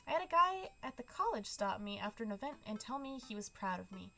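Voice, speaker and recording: A woman streaming a game, commenting in an animated, giggly way. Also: fairly high pitch, normal speed, gravelly, soft background music. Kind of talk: let's-play commentary.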